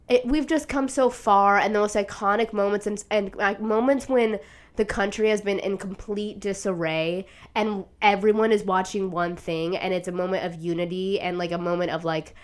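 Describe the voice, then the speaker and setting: A young woman hosting a casual solo talk show, swearing freely and getting emotional, laughing through tears and turning loud and shrill as she gets carried away. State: sick, tearful. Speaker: podcast host. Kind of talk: casual monologue.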